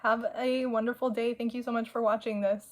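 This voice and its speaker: A woman's voice: a little high, flat delivery, fairly quick. A young woman chatting casually into a desk mic at home, rambling and self-deprecating with lots of fillers. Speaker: vlogger. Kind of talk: rambling casual vlog chat. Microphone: desk mic with headphones.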